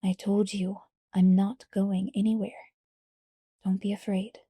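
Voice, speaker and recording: A woman voicing a calm, teasing teenage vampire boy in a soft, hushed, near-whispered delivery. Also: medium pitch, slow pace, slightly rough, no echo, studio quality. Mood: tender.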